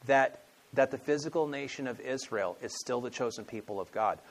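A man's voice: medium pitch, moderate pace. A man teaching a sermon on scripture in a conversational storytelling manner, acting out the quotes. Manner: conversational storytelling, acts out quotes, frequent restarts. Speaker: preacher. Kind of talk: expository sermon.

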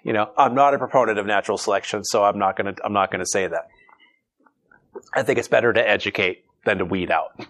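A man's voice: on the low side, quick pace, fairly bright tone. A middle-aged man preaching a sermon in a conversational, humorous way. He reads scripture aloud and then explains it.

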